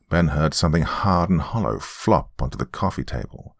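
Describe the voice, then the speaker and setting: A man narrating a horror story in a measured way. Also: rumbling low, expressive, vocal fry, dry recording, studio quality. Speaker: host and narrator.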